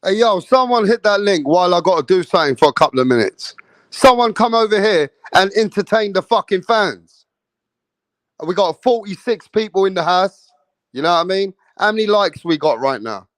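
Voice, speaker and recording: A man's voice: sits high, lively intonation, moderate pace, no room sound. A man hosting a casual live stream, chatting with viewers in hyped, profane, slangy banter.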